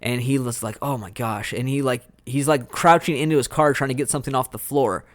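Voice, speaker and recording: A man's voice: medium pitch, fairly quick, no room sound. Rambling man recapping a horror film. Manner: rambling, acts out scenes with quoted voices. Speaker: podcast co-host. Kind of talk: casual movie review chat.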